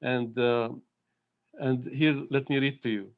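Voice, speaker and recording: A man giving a devotional talk at an online spiritual gathering, speaking in a halting, heartfelt way with many pauses and fillers. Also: mid-range voice, steady tone, phone-quality sound. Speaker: satsang speaker. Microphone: video call.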